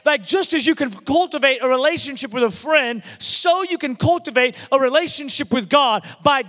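A man's voice: extremely high pitch, moderate pace, fairly bright tone. A man preaching a sermon, emphatic and given to repeating words as he builds a point. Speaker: pastor. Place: large church hall. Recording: long hall reverb.

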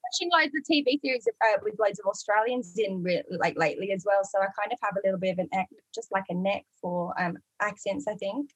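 A woman's voice: mid-range voice, breathy edge, no room sound, muffled recording. A young woman from North London with a London accent, chatting casually as a guest and laughing often. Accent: London English. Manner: bubbly, laughs often, quick rambling. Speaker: guest singer and artist. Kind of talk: casual chat.

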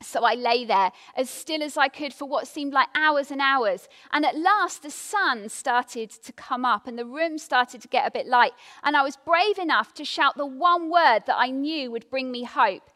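A woman giving a devotional talk, reading scripture and telling a personal story with expressive emphasis. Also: sits high, moderate pace, few pauses, in a large hall. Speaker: devotional speaker.

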